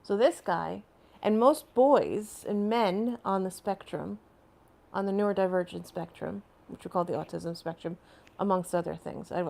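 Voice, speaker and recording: A woman's voice: on the low side, creaky, a little mellow. A woman hosting a casual live stream from home, rambling and chatting as she answers viewer comments, laughing often between phrases.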